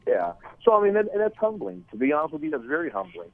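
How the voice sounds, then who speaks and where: A middle-aged man with a Texan accent, a wrestling promoter telling animated stories in a phone interview, repeating words as he goes. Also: on the high side, fast, a crowd in the background. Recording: tinny dry phone line.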